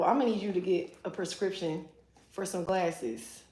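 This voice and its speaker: A woman's voice: on the low side, normal speed, dark tone, reverberant. A woman from the East Coast of the US, a hairstylist chatting casually on a livestream while she works, teasing her viewers and swearing freely. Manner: playful teasing, joking with the chat, swears freely. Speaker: hairstylist livestreaming a color removal. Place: salon suite.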